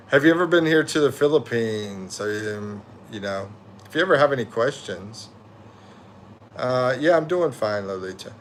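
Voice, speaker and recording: A man's voice: mid-range voice, animated, unhurried, long pauses, slight background noise. A tired middle-aged man from the USA hosting a livestream, rambling and correcting himself as he chats loosely with viewers. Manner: rambling, self-correcting, loose slangy talk. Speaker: livestream host. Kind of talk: casual livestream chat reading viewer comments.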